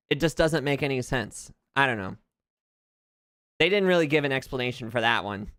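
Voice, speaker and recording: A man's voice: medium pitch, sing-song, moderate pace, sharp tone, smooth, dry recording, studio quality. A young man from the southern United States with a light Southern accent, streaming and chatting casually. He rambles, drifts into tangents and laughs often. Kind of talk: casual chat while gaming.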